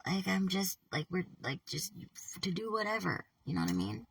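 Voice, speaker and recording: A woman talking to camera in a rambling, halting personal monologue, swearing often, trailing off mid-thought and sometimes dropping to a whisper. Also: fairly low pitch, big pitch swings, creaky, slightly rough, distant mic. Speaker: vlogger.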